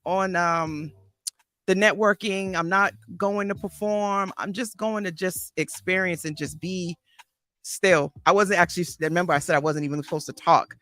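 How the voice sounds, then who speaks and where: A woman's voice: on the low side, fairly even intonation, a bit bright, no echo. A woman therapist and life coach hosting an interview, speaking reflectively with frequent restarts. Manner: reflective, halting with restarts and fillers. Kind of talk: casual interview conversation.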